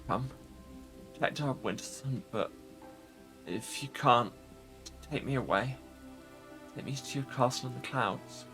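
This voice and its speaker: A man voicing a dying, shivering male warrior who prays quietly and brokenly. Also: mid-range voice, measured pace, pauses often, faint music behind, voice pushed up. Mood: grieving.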